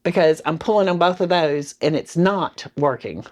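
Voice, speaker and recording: Low-voiced woman retelling a memory. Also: lively intonation, a little mellow. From Arkansas, US. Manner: halting, vivid retelling with restarts. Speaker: interviewee. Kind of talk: recounting memories in an interview.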